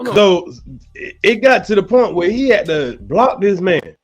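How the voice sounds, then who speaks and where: A man's voice: sits high, very animated, a little slow. A man hosting a livestream, giving casual, rambling commentary packed with fillers. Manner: loose, rambling, heavy on fillers like you know what I'm saying. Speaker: livestream host.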